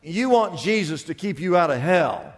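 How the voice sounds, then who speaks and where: Male pastor, high voice, emphatic storytelling sermon, echoey hall. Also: big pitch swings, moderate pace.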